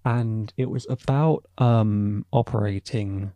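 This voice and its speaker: A man's voice: fairly low pitch, slow pace, dark tone, no echo. A young man, a university student hosting a podcast, giving a rambling, opinionated solo monologue full of asides. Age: young adult. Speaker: podcast host.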